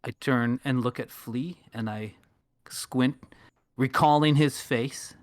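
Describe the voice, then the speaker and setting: A man describing his character's actions as a player in a calm, descriptive way. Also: medium pitch, slow pace.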